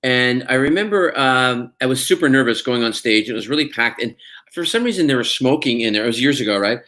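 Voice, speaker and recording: Middle-aged Scottish man, mid-pitched, animated anecdote teller in an interview. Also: fairly quick. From Scotland. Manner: animated storyteller, acts out voices in quotes. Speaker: actor guest.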